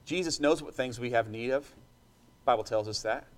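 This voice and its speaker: A man's voice: medium pitch, moderate pace. A man preaching a sermon with passion and emphasis, stopping to ask his listeners for an "amen.". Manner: impassioned, emphatic preaching with call-and-response asides.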